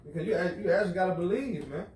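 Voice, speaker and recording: A man's voice: high-pitched, racing, a little mellow, reverberant, recorded from a distance, slight background noise, rough recording. A man teaching in an informal religious lesson, casual, who keeps asking listeners if they follow him. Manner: casual, keeps asking "you know what I'm saying?".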